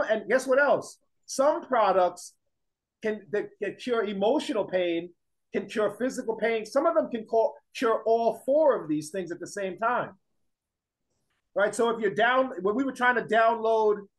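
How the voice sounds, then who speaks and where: A man's voice: high voice, rough recording. A man teaching a class in a classroom lecture, emphatic, repeating his points and firing rhetorical questions at the students.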